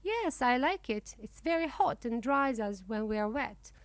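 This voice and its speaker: A sick young girl ostrich in a storybook, once grumpy and now kind, as a woman reader puts her on. She is high and exclaiming, with a bouncy, lively pitch. The reading is slow and dry. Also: no room sound. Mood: childlike.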